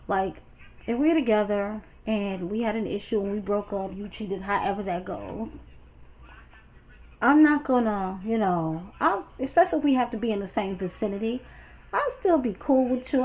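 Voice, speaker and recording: A young woman from Brooklyn with a New York accent, telling a storytime in a blunt, sassy, animated way. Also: mid-range voice, moderate pace. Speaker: storytime vlogger. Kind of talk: casual storytime chat. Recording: dull lo-fi sound, faint noise.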